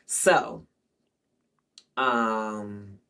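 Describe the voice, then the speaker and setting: A man's voice: lowish voice, fairly even intonation, extremely slow, gravelly, sharp tone, far from the mic. A man telling a frank, rambling personal story in casual slang, storytime vlog style. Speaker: vlogger. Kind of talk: candid storytime monologue.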